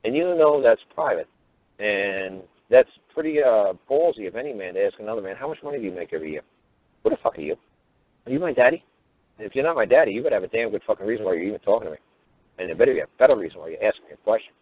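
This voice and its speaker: A man's voice: fairly low pitch, animated, fast, no echo. A man giving a profane, heated radio monologue as a talk show host. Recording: phone-line radio audio.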